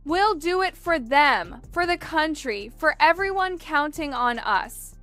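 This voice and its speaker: A woman's voice: high-pitched, expressive, a little slow, fairly bright tone, faint music behind, voice pushed up. A woman voicing a dutiful adult prince, speaking in a pleading, earnest way.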